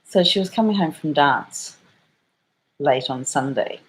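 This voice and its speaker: A middle-aged Australian vlogger's low, expressive voice unfolds unhurriedly despite low-quality audio. She rambles through a story in a chatty style, heavy on slang with an occasional swear word.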